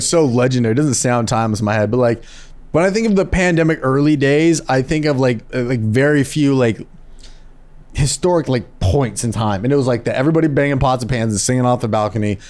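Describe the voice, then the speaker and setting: Animated young man on a podcast. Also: mid-range voice. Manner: animated, jokey, slips into silly put-on voices. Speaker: podcast co-host. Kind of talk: casual comedic chat.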